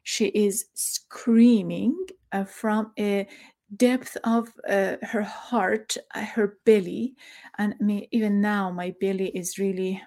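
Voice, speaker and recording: A middle-aged woman tells a personal story. She speaks haltingly and emotionally, stopping to search for words and using many fillers, and sounds close to tears. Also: medium pitch, fairly even intonation, vocal fry, dark tone. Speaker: former journalist.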